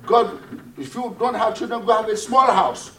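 A middle-aged man from Haiti preaching a sermon, repeating phrases and swinging between loud emphasis and quiet asides. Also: sits high, lively intonation, normal speed, slight background noise.

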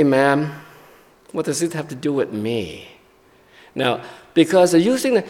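Male pastor mid-sermon, stop-start explaining, mid pitch, big reverberant church room. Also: darkish tone. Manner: explanatory, halting with frequent restarts. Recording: long reverb of a large hall.

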